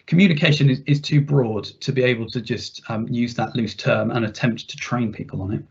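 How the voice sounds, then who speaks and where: A man's voice: medium pitch, a little fast, few pauses, breathy edge. A man presenting a workplace training webinar in a conversational way, with restarts and rhetorical questions. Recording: dull, muffled webinar audio.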